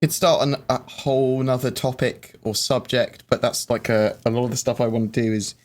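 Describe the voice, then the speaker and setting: A man's voice: medium pitch, steady tone, moderate pace, darkish tone. A man hosting a casual live chat, rambling and hesitant, with lots of fillers and restarts. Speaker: livestream host. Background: faint background music.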